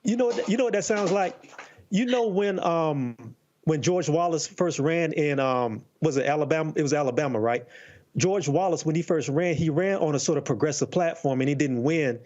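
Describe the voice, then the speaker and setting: A man's voice: on the high side, moderate pace, a little mellow, highs cut off. A male panelist in casual talk show discussion, speaking in a wry, conversational way.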